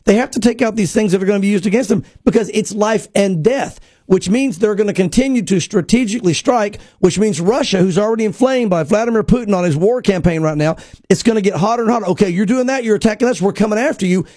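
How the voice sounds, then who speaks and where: A man, a pastor co-hosting a talk show, talks in animated bursts and acts out quotes. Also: high voice, fast, no room sound, clean studio sound. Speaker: pastor and co-host. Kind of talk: casual prophecy talk show.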